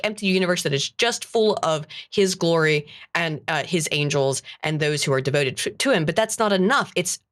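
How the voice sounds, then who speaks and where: A man's voice: high voice, fairly bright tone. A man co-hosting a casual livestream, thinking aloud in an earnest, hesitant way. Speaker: co-host.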